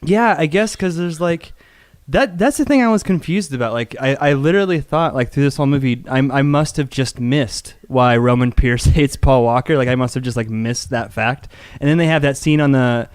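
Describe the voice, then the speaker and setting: A man's voice: medium pitch, normal speed, clean tone, dry recording, clean studio sound. Rambling man on a movie podcast. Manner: rambling, hesitant, full of "like" and restarts. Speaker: podcast co-host. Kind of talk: casual movie review chat.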